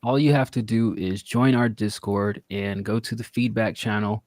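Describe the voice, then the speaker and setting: A man's voice: on the low side, fairly even intonation, moderate pace, darkish tone, dry recording, studio quality. A man hosting a casual live-stream show, playful and fond of long explanations. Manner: playful, explains things at length. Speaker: podcast host.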